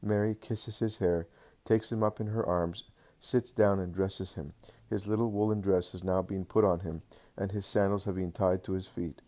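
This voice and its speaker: Deep-voiced man narrating a devotional text. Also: fairly even intonation, a little mellow. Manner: slow, earnest reading with small slips.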